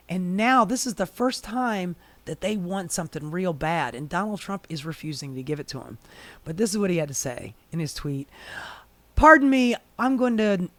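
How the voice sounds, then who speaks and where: Hoarse airy voice, worn out, sarcastic sweary political rant right up on the mic, dead dry sound. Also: medium pitch, no room sound. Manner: sarcastic, profane, animated. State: hoarse, airy and breathy from a strained voice. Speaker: political commentary host. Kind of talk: ranting political commentary. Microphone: leaning close into a microphone.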